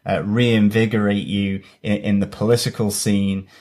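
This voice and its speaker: Lowish voice guy rambling on a tv podcast, ums and restarts. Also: flat delivery, moderate pace, a little mellow. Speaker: podcast co-host. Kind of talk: casual podcast chat.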